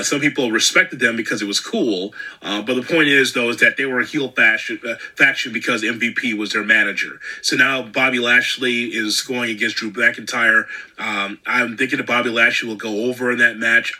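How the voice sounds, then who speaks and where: Bright-voiced man giving wrestling opinions. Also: mid-range voice, low-quality recording. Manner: conversational, frequent fillers and restarts. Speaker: wrestling commentator. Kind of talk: casual opinion monologue.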